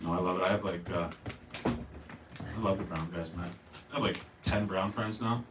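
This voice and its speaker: A young Canadian man from Northern Ontario speaks in a low voice at a normal pace, doing a crude, casual stand-up set on a comedy club stage and chatting with the crowd. The roomy club sound is captured from a distance, with background noise and audience laughter.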